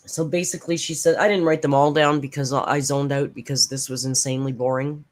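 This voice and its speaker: A woman's voice: a bass voice, steady tone, fairly quick, hardly any pauses, a little mellow, slight background noise. A woman hosting a reaction channel, giving blunt, sarcastic casual commentary and swearing freely.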